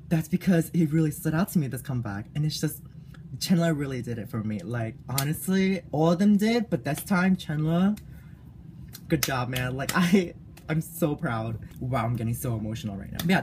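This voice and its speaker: A young woman giving a gushing, animated fan reaction in a casual vlog. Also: sits low, moderate pace, slight background noise. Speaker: YouTube reactor.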